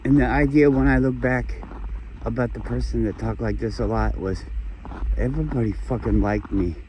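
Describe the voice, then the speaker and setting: A man talking to the camera in a meandering, philosophical monologue, with lots of swearing, restarts and low muttered asides. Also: moderate pace, dull audio, slight background noise. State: emotional, has been crying. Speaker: vlogger. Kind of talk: rambling personal monologue.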